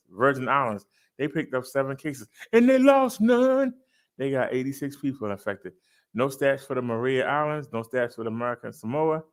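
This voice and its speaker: Emphatic man reading daily numbers. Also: medium pitch. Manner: emphatic, punchy, drawls key phrases loudly; talks to viewers, says "y'all". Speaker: fitness vlogger. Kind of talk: casual daily stats rundown.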